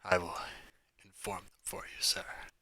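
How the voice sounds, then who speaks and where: A man's voice: measured pace, bright, forceful tone. A man voicing a deferential male underling in a faint whisper, as whispered role-play in a tabletop game. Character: murmuring male servant or underling.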